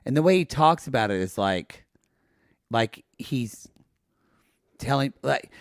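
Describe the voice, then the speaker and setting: A man's voice: mid-range voice, animated, slow, dry recording, clean studio sound. A man from California co-hosting a podcast, talking in blunt, sarcastic and sweary casual chat. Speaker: podcast co-host.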